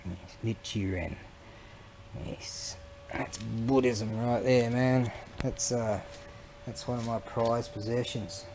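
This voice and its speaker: A man's voice: medium pitch, fairly even intonation, measured pace. Brief: man, middle-aged, rambling chatty vlog talk, faint background hiss. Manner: rambling, chatty, laughs often, talks to himself. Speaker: vlogger.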